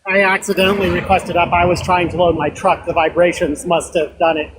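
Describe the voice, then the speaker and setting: A man's voice: high voice, flat delivery, a little fast, crowd noise. A man calling in from his truck, blunt and profane. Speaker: caller. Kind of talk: casual call-in chat.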